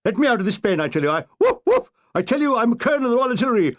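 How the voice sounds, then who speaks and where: A man's voice: very high voice, very animated, racing, pitched above the performer's own voice. A man voicing an indignant old army colonel who barks like a dog. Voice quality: yelping, barking.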